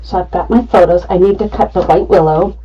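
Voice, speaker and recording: A woman's voice: fairly low pitch, brisk, warm tone, far from the mic, highs cut off, a little hiss or hum. A middle-aged woman running a live craft tutorial, chatty and talking herself through each cut. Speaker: craft demonstrator.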